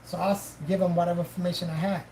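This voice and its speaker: A woman's voice: on the low side, racing, a little hiss or hum, low-quality recording. A woman host casually telling a story on a live stream, swearing freely and acting out both sides of the dialogue. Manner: profane, animated, acts out both sides of dialogue.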